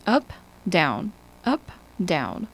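A woman reading an audiobook in a measured, even storytelling manner. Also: fairly low pitch, rough recording. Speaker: audiobook narrator. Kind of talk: scripted narration.

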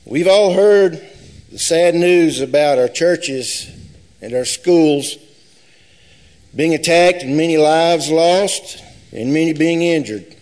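A man's voice: fairly high pitch, slow pace, darkish tone. A man running for sheriff, speaking nervously and plainly at a live forum, with some hesitation. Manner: plain-spoken, a little hesitant with fillers. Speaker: sheriff candidate. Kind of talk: campaign speech at a forum. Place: high school forum hall.

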